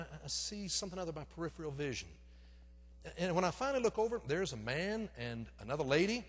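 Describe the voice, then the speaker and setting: Middle-aged pastor telling a lively story. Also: male voice, on the high side. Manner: animated, self-deprecating storytelling that acts out the scenes. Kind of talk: storytelling sermon. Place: church sanctuary. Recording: long reverb of a church sanctuary.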